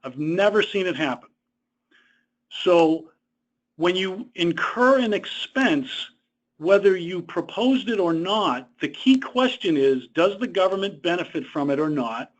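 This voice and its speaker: A man with a high, animated voice presents a webinar on government contract costs, speaking a little slowly. He keeps it conversational, explaining the rules through personal stories. The webinar audio is dull and lo-fi.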